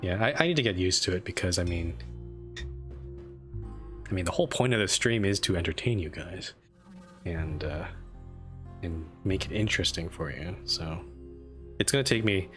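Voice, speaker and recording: Male game streamer, lowish voice, rambling self-deprecating chat, faint music underneath. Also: moderate pace, long pauses, a bit bright. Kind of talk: casual live-stream commentary.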